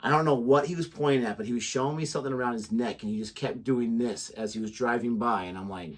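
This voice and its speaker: A man's voice: medium pitch, fast talker, hardly any pauses, husky. Rambling male reaction-channel co-host. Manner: rambling storyteller, lots of "like". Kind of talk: casual chat.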